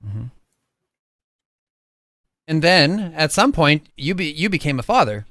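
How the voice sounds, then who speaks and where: A man's voice: a little high, very animated, slow pace, bright, forceful tone, no room sound, studio quality. A man hosting a podcast, telling stories animatedly and emotionally, casually swearing. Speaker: podcast host. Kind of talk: casual interview chat.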